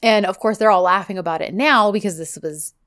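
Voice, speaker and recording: A woman's voice: mid-range voice, brisk. A woman co-hosting a podcast, chatting casually and animatedly as she recaps a TV show, with lots of filler "likes". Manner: chatty and animated, heavy use of "like". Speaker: podcast co-host.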